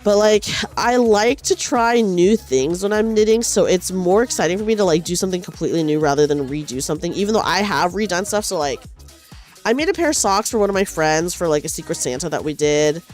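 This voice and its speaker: A woman's voice: lowish voice, lively intonation, fairly quick, darkish tone, faint music behind. A young woman streamer chatting casually while she knits, rambling and self-deprecating, often restarting her sentences. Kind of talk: casual chat while knitting.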